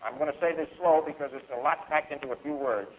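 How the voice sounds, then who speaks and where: A man speaks to a lecture hall in a declamatory, emphatic way, his voice pitched a little high. He swings between loud outbursts and low, pressing asides. The old recording is thin and tinny, as if heard down a phone line. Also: quick pace, slight background noise. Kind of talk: public speech and Q&A.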